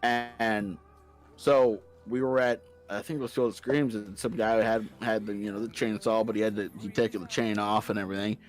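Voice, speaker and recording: A man as a podcast guest, telling playful stories in casual chat, breaking into squeaky voices for quotes, with faint music underneath. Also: steady tone, fairly quick.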